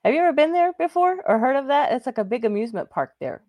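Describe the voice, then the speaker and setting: A woman's voice: high-pitched, animated, quick pace, darkish tone, dry recording. A woman co-hosting a casual roundtable chat, laughing often and backing the other host up with frequent agreement. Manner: giggly, frequent mm-hmms.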